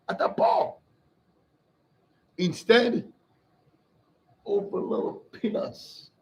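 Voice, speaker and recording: A man's voice: high voice, gravelly, darkish tone, poor audio. A man, a rabbi, giving an emphatic Torah class, quizzing his listeners and mixing in Hebrew phrases. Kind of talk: Torah class to a live group.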